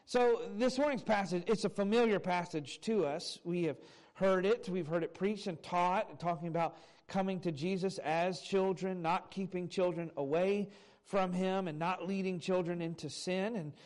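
High-voiced conversational male pastor. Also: normal speed, a little mellow. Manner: conversational, folksy storytelling with fillers. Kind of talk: sermon. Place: church sanctuary.

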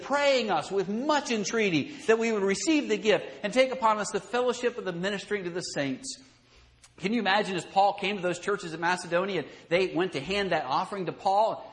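A man's voice: high voice, a bit bright. A middle-aged man preaching a Sunday school lesson, folksy and conversational, building emphasis and chuckling at his own asides. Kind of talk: sermon.

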